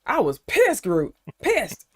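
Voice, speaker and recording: A woman with grandchildren, hosting a casual live stream chat in an animated, emphatic way. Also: fairly high pitch, husky. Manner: animated, emphatic, quick to heat up.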